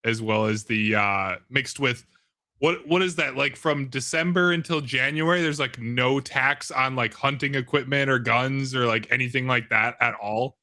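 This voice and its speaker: A man's voice: medium pitch, moderate pace, pushed and bright. A man guesting on a casual podcast chat, telling stories bluntly and trailing off mid-thought.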